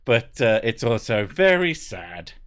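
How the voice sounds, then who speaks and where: A man's voice: medium pitch, sing-song, a little slow, fairly bright tone. A man in his thirties hosting a casual livestream from home, joking, swearing and laughing often as he reads out chat messages. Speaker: livestream host.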